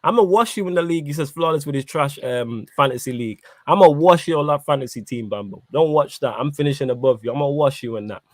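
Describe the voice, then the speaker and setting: A man hosting a casual football podcast, talking in animated slang while eating. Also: on the high side, fast, few pauses, no room sound. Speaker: podcast host.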